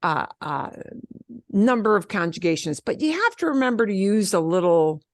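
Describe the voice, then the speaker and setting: A middle-aged woman teaching a beginner Spanish class, upbeat and encouraging, modeling phrases slowly so students can repeat them. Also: medium pitch, sing-song, dry recording, studio quality. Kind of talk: online beginner language class.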